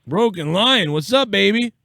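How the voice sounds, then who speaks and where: A man's voice: sits high, animated, moderate pace, creaky, sharp tone, no echo, clean studio sound. A man hosting a casual live call-in show, rambling and profane, laughing easily. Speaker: live show host taking calls.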